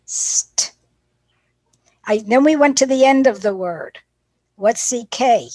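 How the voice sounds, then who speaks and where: Speaking at a moderate pace in a rather high voice, with no echo, a female teacher trainer leads a professional development session. She brings classroom anecdotes to life by performing the exchanges between people.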